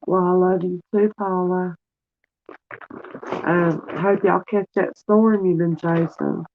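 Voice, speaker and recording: A woman's voice: fairly low pitch, steady tone, slow, a little hiss or hum. A middle-aged woman chatting on a live stream, tearful and calling viewers honey. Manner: warm, calls viewers honey and sweetie. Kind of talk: casual live-stream chat. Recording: tinny phone-like sound.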